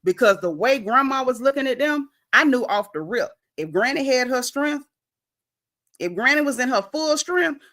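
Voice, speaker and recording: Woman, reality TV recap host, casual livestream chat, lively storytelling, acts out quotes, fairly high voice. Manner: animated storytelling, acts out quotes with big pitch swings; reads chat comments aloud.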